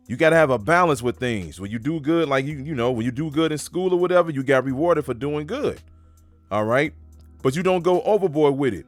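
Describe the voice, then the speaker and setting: A man's voice: medium pitch, expressive, fairly quick, dry recording, faint music behind. A man preaching casually while reading scripture aloud. He is emphatic, uses street-talk phrasing and keeps saying "man.".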